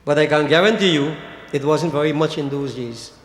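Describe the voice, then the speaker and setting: A man's voice: a little high, a little fast. Older man preaching in an echoey hall. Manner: addresses listeners as devotees, rhetorical asides like "hmm?". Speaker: pandit giving a religious discourse. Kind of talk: sermon. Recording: echoey hall with long reverb.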